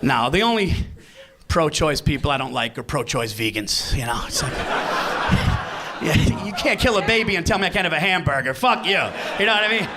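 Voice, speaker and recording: Male stand-up comedian, high animated voice, brash and profane, live venue recording with clear background noise. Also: moderate pace. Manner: brash, profane, shouting punchlines.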